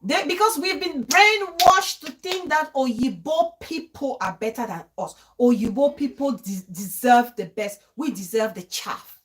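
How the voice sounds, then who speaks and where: A woman from Cameroon, hosting a live-stream talk show, reading viewer comments in an animated way, laughing often and restarting her sentences. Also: high-pitched, measured pace.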